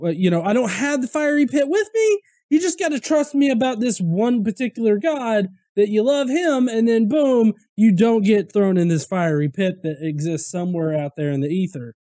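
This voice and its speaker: Host type: high-pitched, mellow-voiced man, casual and irreverent, profane, dry close sound. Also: animated, a little slow, hardly any pauses, dry recording. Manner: irreverent, swears freely, laughs at points. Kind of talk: casual commentary on viewer comments.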